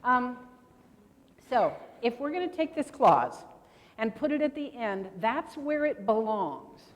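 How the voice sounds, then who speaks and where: A woman's voice: on the high side, sing-song, slow. An older woman presenting grammar at a convention workshop, chatty and quizzing her audience with questions. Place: large convention hall. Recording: long hall reverb.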